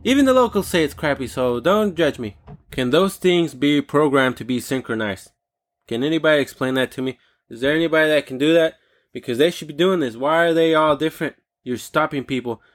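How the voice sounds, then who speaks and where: A man's voice: fairly high pitch, expressive, brisk. A man hosting a comedic solo rant, rambling and profane, with jokey digressions.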